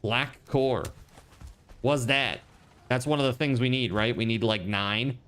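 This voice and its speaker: A man giving casual, excitable commentary while streaming a survival game. He swears freely, yelps in alarm and breaks into laughter. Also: medium pitch, smooth. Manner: retells chats in quick put-on voices.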